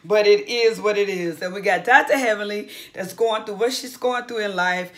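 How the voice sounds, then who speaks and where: A woman's voice: mid-range voice, a bit bright. A woman casually recapping a reality show, chatty and blunt, swearing freely and acting out what the cast said.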